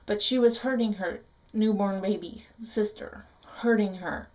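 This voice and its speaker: A middle-aged woman vlogging a painful personal story, her speech halting and raw, with restarts and the odd curse. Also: mid-range voice, a little mellow, highs cut off. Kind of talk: emotional personal story vlog.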